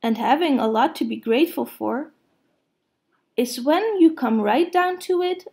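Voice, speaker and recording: A shy, very small piglet, read by a woman, speaking in a quiet, nervous rush. His voice sits a little high. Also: lively intonation, slow pace, creaky, full character voice. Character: timid very small male piglet.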